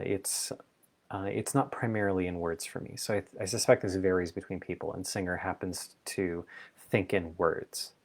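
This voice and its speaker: Low gravelly man musing aloud. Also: a little mellow. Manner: thoughtful, exploratory, playful asides. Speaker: vlog host. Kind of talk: reflective solo talk on spirituality.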